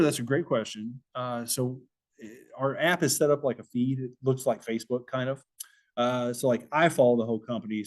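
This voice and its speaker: A man's voice: medium pitch, a little mellow. A middle-aged man giving a conversational, explanatory safety presentation and answering audience questions.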